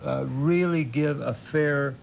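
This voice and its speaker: An older male TV host doing an in-studio sales pitch, halting and repeating words, with a jokey folksy manner. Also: creaky. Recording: muffled old TV broadcast with faint hiss.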